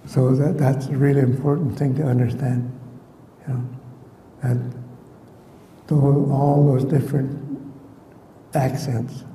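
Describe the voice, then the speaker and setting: An older man from Canada, a community elder, giving an unhurried, reflective talk with frequent restarts, recorded in a lecture hall. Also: medium pitch, little pitch movement, warm tone, slight background noise.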